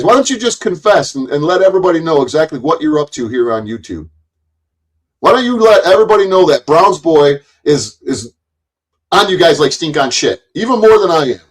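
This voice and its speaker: A middle-aged man with a fairly high, breathy voice rants at the camera as a YouTube commentator, and the recording is rough. He's confrontational and mocking toward his targets, swears a lot, and stammers on repeated words whenever he restarts a line.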